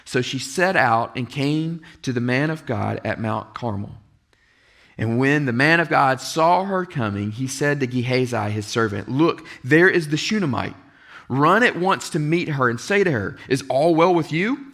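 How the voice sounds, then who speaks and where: A man's voice: medium pitch, animated, measured pace, vocal fry, a bit bright. A man preaching to his congregation in a church sanctuary. He reads scripture aloud and slips into the voices of the people in the story. His delivery is earnest throughout. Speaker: pastor. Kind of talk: sermon.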